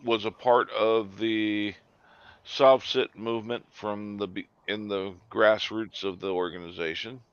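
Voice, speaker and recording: A man's voice: on the low side, fairly even intonation, a little slow, smooth, dry recording. A man co-hosting a casual commentary chat, making dry, sarcastic asides. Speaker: co-host. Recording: dull lo-fi sound.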